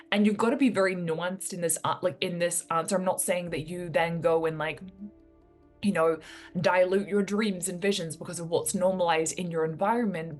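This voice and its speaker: Young New woman, mentor type, low-set earnest voice, faint music underneath. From New Zealand. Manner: earnest, animated when quoting others. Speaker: mentor and entrepreneur. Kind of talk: reflective personal story to camera.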